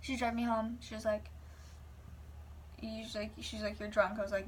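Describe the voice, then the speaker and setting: A woman's voice: a little high, little pitch movement, normal speed, pauses often, recorded from a distance, a little hiss or hum. A young woman vlogger rambling casually through a personal story, full of "like"s and whispered asides.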